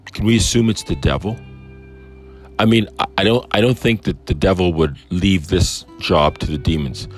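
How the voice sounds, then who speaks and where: A man's voice: deep voice, moderate pace, soft background music. A man teaching on a Bible passage in a casual, musing way, asking lots of rhetorical questions.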